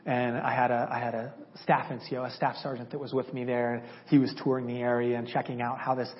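A man's voice: mid-range voice, level tone, fast talker. A man sharing a personal testimony in a church, telling it conversationally and acting out the dialogue he remembers. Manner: conversational, acts out dialogue from memory. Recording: slightly dull lo-fi audio.

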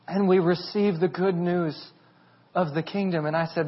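Pastor, man, 30s; high, animated voice; funny storytelling sermon; muffled recording. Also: normal speed.

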